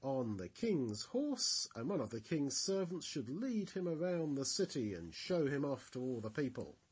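A man's voice: mid-range voice, very animated, moderate pace, a little mellow, husky. A man voicing a proud, scheming male royal advisor who talks with indignant outbursts. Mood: smug. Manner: shocked, indignant.

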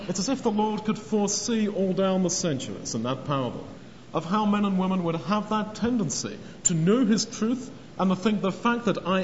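A man preaching a sermon, earnest in tone and acting out the speakers he quotes. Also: fairly high pitch. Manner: earnest, acts out quoted speech. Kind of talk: sermon on a parable. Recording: long hall reverb, dull lo-fi sound, faint noise.

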